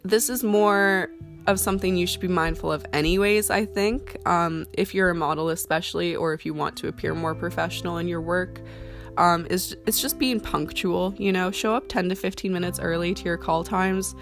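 A young woman talks casually about modeling work, rambling and chatty with plenty of ums and likes. Her voice sits low with a gravelly rasp. Soft guitar music plays faintly underneath. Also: steady tone, normal speed. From Canada. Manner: chatty, full of fillers like "um" and "like". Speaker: model giving career advice. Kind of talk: casual talking-to-camera advice.

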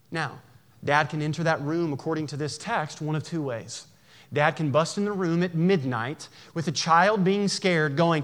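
A man preaching a sermon in a church, conversational and animated, with jokes and acted-out voices. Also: fairly high pitch, normal speed. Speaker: pastor.

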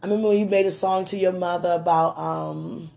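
A woman rambling through a personal message to a man, gushing and giggling often, with a slight lingering throat-clearing. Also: fairly low pitch, steady tone, brisk, warm tone. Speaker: admirer speaking to a man on video.

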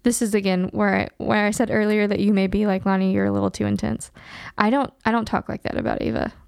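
A young woman talks candidly into the mic, earnest and open, laughing between quick asides. Her voice carries a gravelly fry at the ends of phrases, and the sound is dry and close with no room around it. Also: medium pitch, little pitch movement, no echo. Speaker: podcast host. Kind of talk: casual chat.

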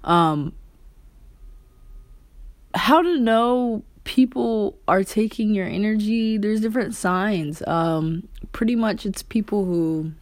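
A woman's voice: mid-range voice, takes it slowly, dry recording. A woman talking casually to the camera about spiritual energy, loose and conversational, swearing now and then. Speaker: vlogger.

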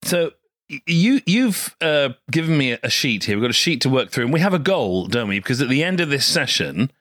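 A man's voice: medium pitch, sing-song, a little fast, fairly bright tone, no room sound, clean studio sound. A man hosting a podcast, chatting casually, often hesitant and laughing. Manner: hesitant, frequent fillers and restarts, laughs often. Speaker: podcast host.

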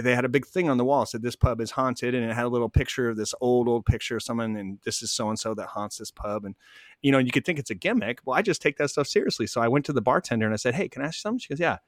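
A man calmly telling stories in an interview, acting out both sides of each conversation. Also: medium pitch, quick pace, no echo, clean studio sound. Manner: animated, acts out both sides of dialogue. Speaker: guest, spiritual medium. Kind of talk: conversational storytelling.

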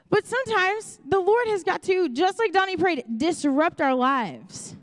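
A woman's voice: very high-pitched, measured pace, few pauses. A young woman pastor with a Chicago accent, preaching a sermon in a candid, conversational way and acting out her own asides. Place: church auditorium. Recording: long hall reverb.

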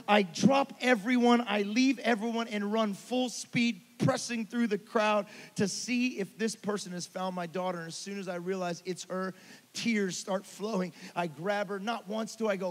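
A man preaching a sermon, telling a story and swinging from hushed asides to loud, urgent passages. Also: high voice, moderate pace, big-room sound. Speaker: pastor.

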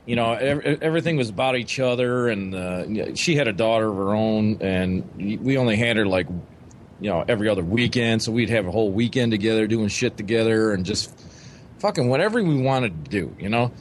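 A man chatting casually about his marriage, laid-back and halting with fillers. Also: fairly low pitch, expressive, a little hiss or hum. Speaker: podcast co-host. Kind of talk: casual chat.

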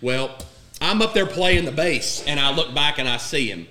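A man casually telling a profane story with friends, acting out the quotes in an animated way. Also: fairly high pitch, normal speed.

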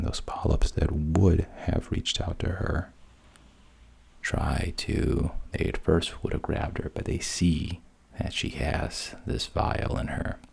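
A man narrating a fairy tale in a whispered role-play. His voice is extremely low and gravelly, and he speaks slowly. It stays hushed and unhurried throughout. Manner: hushed, breathy, unhurried retelling. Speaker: storyteller.

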